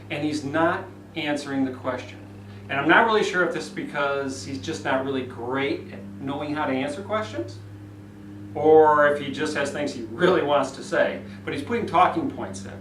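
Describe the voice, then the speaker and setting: A man teaching public speaking, demonstrating phrasing with dramatic pauses and emphasis. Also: fairly high pitch, a bit bright. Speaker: speaking coach. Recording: echoey room from far off with faint noise.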